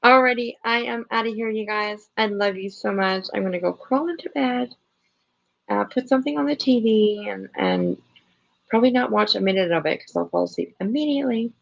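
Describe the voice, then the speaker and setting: Chatty middle-aged woman streamer, gravelly. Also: on the high side, animated, fairly quick, muffled recording. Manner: chatty, rambling, laughs often, many fillers. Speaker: livestream host. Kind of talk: casual livestream chat with viewers.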